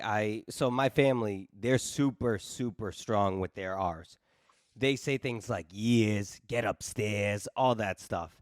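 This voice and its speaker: A man's voice: fairly low pitch, no echo, clean studio sound. A man hosting a podcast with a New England accent, chatting casually and enthusiastically, swearing freely and calling his guest dude. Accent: New England (Boston). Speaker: podcast host.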